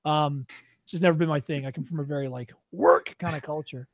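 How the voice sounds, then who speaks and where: A high-voiced man leads a workshop in a dry, close-sounding space. He talks bluntly and with profanity, plays a tough-love drill sergeant, and slips into quick impressions of shopkeepers. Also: no room sound. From Chicago area. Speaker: workshop presenter. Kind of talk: workshop lecture.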